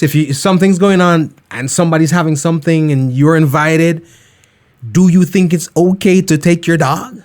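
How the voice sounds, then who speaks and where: Man, podcast host, casual comedic rant, emphatic, slightly high voice. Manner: animated, emphatic, keeps it real.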